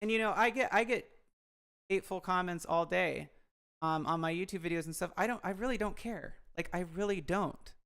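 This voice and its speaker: A woman's voice: lowish voice, fairly quick, fairly bright tone, clean tone. A woman YouTuber talking through a dispute in a casual, rambling, frank commentary vlog.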